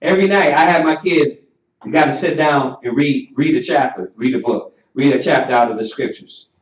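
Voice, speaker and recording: Emphatic preaching man in an echoey room. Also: medium pitch. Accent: Southern US. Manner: preachy and emphatic, rising to near shouting, drawn-out repeated questions. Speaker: teacher. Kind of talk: sermon-style class teaching. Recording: muffled, roomy, from far off the mic.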